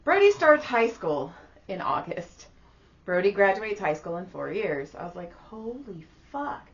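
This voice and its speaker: A woman's voice: fairly low pitch, normal speed. A middle-aged woman co-hosting a podcast, telling a story in a casual, profane way and acting out the voices of the people she quotes. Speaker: podcast co-host. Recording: distant, dull sound with steady background noise.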